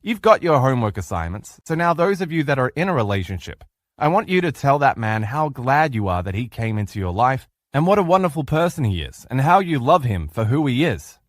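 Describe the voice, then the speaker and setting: A man giving a motivational lecture as a relationship coach, telling stories with emphatic, lively delivery. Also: medium pitch, brisk, dry recording, clean studio sound. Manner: emphatic animated storyteller.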